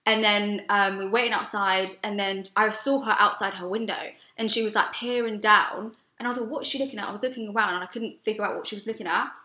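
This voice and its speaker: Brief: young woman, podcast co-host, bright tone, roomy echo, candid storyteller. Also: medium pitch, a little fast, hardly any pauses. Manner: storytelling, swears freely, animated when excited. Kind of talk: casual chat.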